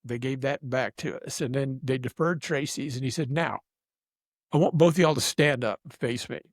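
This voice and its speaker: A man's voice: mid-range voice, moderate pace, dry recording, clean studio sound. Rambling man telling a story. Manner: rambling, self-deprecating, restarts a lot. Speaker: guest storyteller. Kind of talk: casual storytelling chat.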